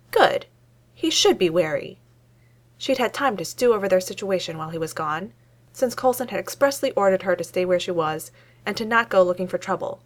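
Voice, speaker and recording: A woman reading a fan-fiction story aloud as narrator, in an expressive, lively way. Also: lowish voice.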